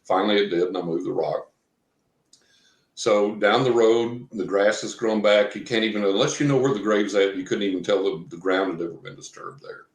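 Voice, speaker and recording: Male interview guest, low-ish voice, loose storyteller, roomy echo. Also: steady tone, a little fast. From Texas. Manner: rambling storyteller, acts out quotes. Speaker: guest, professional psychic reader. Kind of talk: telling a personal story in an interview.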